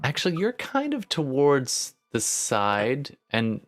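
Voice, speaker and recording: A man narrating as game master of a tabletop game, describing scenes in a halting way with many fillers. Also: mid-range voice, wildly swooping pitch, soft background music.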